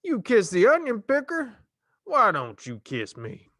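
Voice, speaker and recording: A man voicing a drunk, leering small-town sheriff who talks in a slow drawl, in an audiobook reading. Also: high-pitched, huge pitch swings, pushed and bright, no echo, studio quality, voice pushed up, full character voice. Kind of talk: audiobook character voice.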